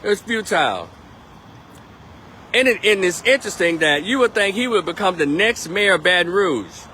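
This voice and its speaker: A man's voice: high-pitched, animated, moderate pace, sharp tone, a little hiss or hum. A man giving a blunt, emphatic political monologue on a live stream, repeating his points.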